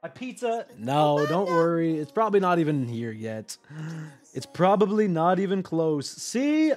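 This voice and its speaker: Excitable male streamer, lively swooping voice, a bit high, jokey, swears, faint music behind. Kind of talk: live gameplay commentary.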